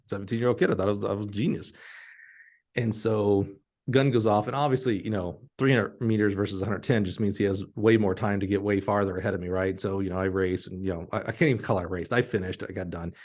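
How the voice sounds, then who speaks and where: A middle-aged man from Alabama, hosting a podcast and telling a story in an animated, laughing way. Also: on the low side, quick pace. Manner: animated, laughing storyteller who acts out quotes. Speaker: podcast host.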